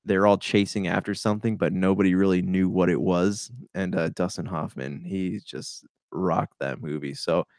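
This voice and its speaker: Laid-back low-voiced man talking movies. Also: fairly even intonation, normal speed, hardly any pauses, darkish tone, no echo, clean studio sound. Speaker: movie podcast co-host. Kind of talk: casual movie review chat.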